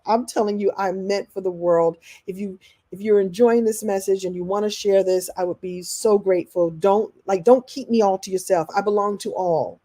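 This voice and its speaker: During a live online class, a chatty woman coach talks with her viewers in a warm, mellow, medium-pitched voice at normal speed. Animated and often breaking into little laughs, she keeps things conversational and answers questions as they arrive.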